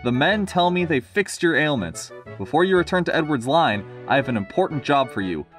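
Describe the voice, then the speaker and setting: A man's voice: a little high, lively intonation, brisk, fairly bright tone, soft background music. Man doing an older male railway boss, kindly, formal, authoritative.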